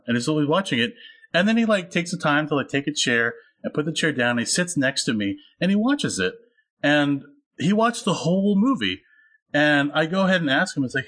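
A man's voice: on the high side, animated, a little fast, a bit bright. A man co-hosting a film chat, talking in a rambling, earnest way with many fillers and restarts. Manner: earnest and personal. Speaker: podcast co-host discussing a film. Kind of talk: casual chat.

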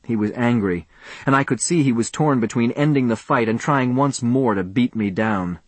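A man narrating a first-person audiobook in an expressive, measured way. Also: mid-range voice, no room sound.

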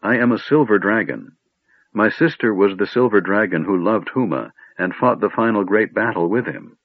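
A man reading an audiobook voices a female silver dragon in elf form, speaking in a low, grave and passionate way, on a tinny phone-like recording. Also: normal speed, dry recording. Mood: grave, sorrowful. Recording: tinny phone-like band, dry.

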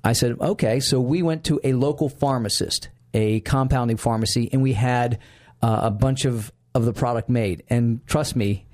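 A man's voice: medium pitch, moderate pace. A man hosting a podcast in casual chat, telling stories and acting out quoted dialogue. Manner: animated storyteller who acts out quoted dialogue. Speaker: podcast host.

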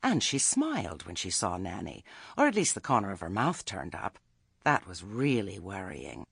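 A man reading a story aloud in a wry, measured storytelling manner. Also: low-pitched, wildly swooping pitch, creaky, fairly bright tone, breathy edge, no echo, clean studio sound. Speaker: audiobook narrator. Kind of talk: scripted narration.

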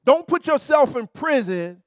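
A man pastor preaching a sermon in an animated, colloquial way, turning often to his listeners with repeated asides. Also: very high voice, unhurried, dry recording, studio quality.

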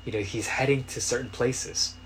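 A male pastor preaching a sermon in a conversational way, building to loud, pleading cries. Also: mid-range voice, steady tone, moderate pace, slight background noise.

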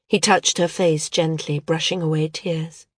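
A woman reading an audiobook in a calm, measured narration. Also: low-pitched, breathy edge, no room sound, clean studio sound. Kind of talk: scripted narration.

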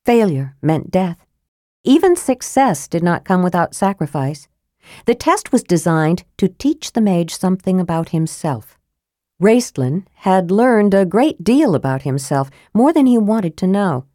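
A woman narrating a fantasy audiobook in a measured, grave storytelling manner, close to a studio microphone. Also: fairly low pitch, very animated, warm tone, dry recording.

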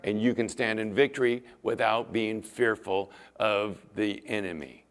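A man's voice: lowish voice, normal speed, fairly bright tone. A man preaching a sermon as pastor, acting out Bible scenes in different voices.

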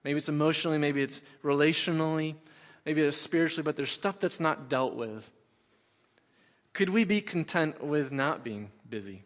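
A pastor with a voice on the high side and a fairly bright tone delivers a sermon at a moderate pace in an echoing hall. His preaching is conversational and full of repeated phrases, with long hall reverb on the recording.

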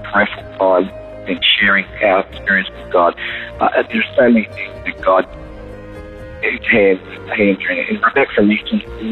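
Deep-voiced man on the phone. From Sydney, Australia. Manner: enthusiastic, halting, many fillers. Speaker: caller. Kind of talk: phoned-in praise report. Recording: tinny phone line, faint music.

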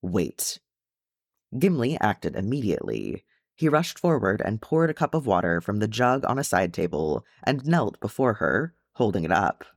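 A man with a low voice narrating a fan fiction audiobook. His reading is expressive, with a wide, lively sweep of pitch. The recording is dry and close, with no room sound. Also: moderate pace, vocal fry, no echo. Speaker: audiobook reader.

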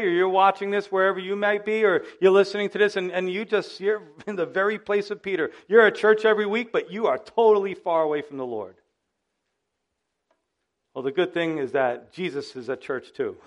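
A male pastor preaching a sermon in an animated, conversational way, often speaking straight to his listeners. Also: high voice, moderate pace.

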